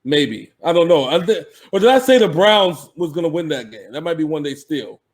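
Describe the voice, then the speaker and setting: A man's voice: a little high, expressive, moderate pace. A man co-hosting a sports podcast, talking casually and animatedly, laughing and swearing freely.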